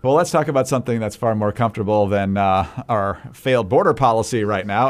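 A man co-hosting a political podcast, calmly going through numbers with frequent fillers. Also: lowish voice. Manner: measured, reads out figures with fillers. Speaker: podcast co-host. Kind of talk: political commentary chat.

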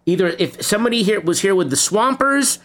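A middle-aged man, co-hosting a podcast in casual chat, telling animated stories and teasing his partner. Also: high voice, brisk. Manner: animated storyteller, teasing, jumps into quoted voices. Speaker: podcast co-host.

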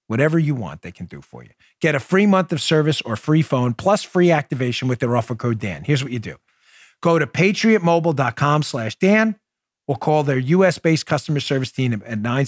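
A man's voice: mid-range voice, no echo, studio quality. A man from New York hosting a political podcast, delivering a combative, sarcastic opinion monologue. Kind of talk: opinionated talk show monologue.

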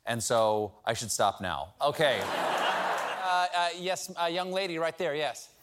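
A man's voice: a little high, a little slow, very noisy. A middle-aged man hosting a casual question session with a studio audience, telling stories in a playful, self-mocking way. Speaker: talk show host.

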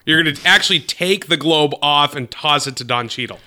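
A man's voice: on the high side, a little fast, pushed and bright. A man co-hosting a podcast in casual chat, wisecracking and riffing on jokes. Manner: wisecracking, riffs on bits. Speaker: podcast co-host.

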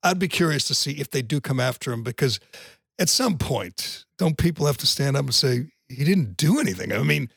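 A gravelly man holds forth on a podcast in an emphatic, indignant tone. His voice sits at an ordinary pitch, and the recording is close and dry. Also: expressive, brisk, fairly bright tone, no room sound. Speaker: podcast co-host. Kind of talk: opinionated casual chat.

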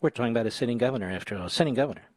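A man's voice: medium pitch, expressive, racing, dry recording. Man, talk radio host, sarcastic, combative, dry close sound. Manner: sarcastic, mocking, bursts into shouted insults.

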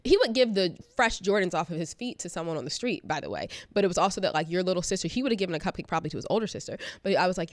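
A woman's voice: on the low side, rapid-fire, hardly any pauses, dry recording. A middle-aged woman co-hosting a casual chat, telling family stories in a chatty, filler-heavy way. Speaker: co-host.

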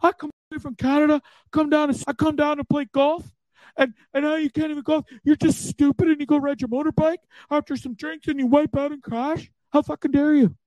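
A man's voice: extremely high pitch, little pitch movement, fairly quick, a little mellow, no room sound, dull audio, voice pushed up. A man voicing his angry male friend, scolding him with indignant swearing. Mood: outraged. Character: angry scolding male buddy, outraged and ranting.

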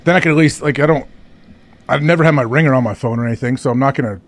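A man co-hosting a podcast, teasing and quick-witted in casual chat, often laughing along. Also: mid-range voice. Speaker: podcast co-host.

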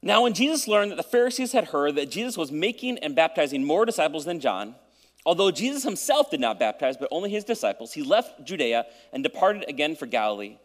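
A man's voice: a little high, sing-song, a little fast, long reverb tail. A man preaching as a church pastor, joking casually with the congregation before he reads scripture and prays. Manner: casual and joking, then reading scripture and praying. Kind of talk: sermon. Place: church sanctuary.

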